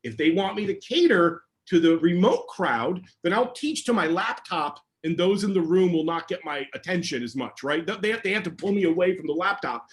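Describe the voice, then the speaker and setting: A man, a security educator, answering questions in a casual online session with energetic, emphatic talk. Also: high voice, normal speed, hardly any pauses.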